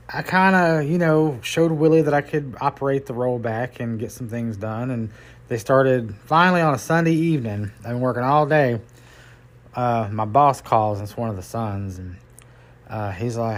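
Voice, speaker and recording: Man, middle-aged, podcast host, folksy rambling storyteller, average-pitched voice. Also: normal speed. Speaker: podcast host and tow truck driver. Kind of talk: casual storytelling.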